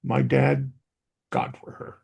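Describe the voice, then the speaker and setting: Gravelly, husky middle-aged man reflecting. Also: mid-range voice, sing-song, takes it slowly, a little mellow. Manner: earnest and reflective, recounting family memories. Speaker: interview guest, helps dementia caregivers. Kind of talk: conversational personal storytelling.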